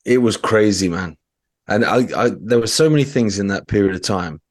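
A man with an English accent, a guest chatting in a relaxed, conversational way with casual slang. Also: lowish voice, normal speed, no echo, studio quality. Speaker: interview guest. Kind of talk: casual interview chat.

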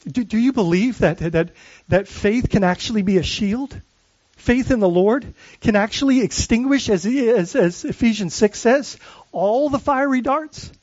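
Man, pastor preaching, high-pitched voice, earnest, repeats and restarts, dull dry recording. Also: unhurried, darkish tone, no room sound. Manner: earnest preaching with frequent restarts and call-and-response questions. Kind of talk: sermon.

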